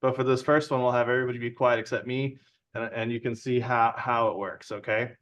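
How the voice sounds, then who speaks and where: A man presenting a casual tech talk to a user group over a video call. He sounds relaxed and chatty and keeps checking in with his listeners. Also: mid-range voice, brisk. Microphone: video call from home.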